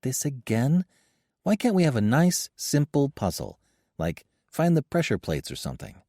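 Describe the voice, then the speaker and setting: A man voicing a young male adventurer, sarcastic and joking, keeping steady in danger. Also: medium pitch, normal speed, no echo, studio quality, pitched above the performer's own voice. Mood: wry.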